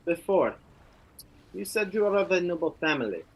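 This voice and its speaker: A man's voice: high-pitched, big pitch swings, normal speed, low-quality recording. A man playing a tabletop game, describing his character's actions and laughing often. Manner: laughs often, shifts into a proud warrior voice. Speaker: player. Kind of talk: tabletop role-play, narrating his character.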